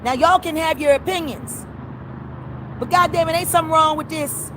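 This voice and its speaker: A woman's voice: high-pitched, normal speed, pushed and bright, slight background noise. A woman filming herself on a phone outdoors at a service window, complaining in an agitated, profane rant. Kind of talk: ranting self-filmed phone video. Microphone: phone camera.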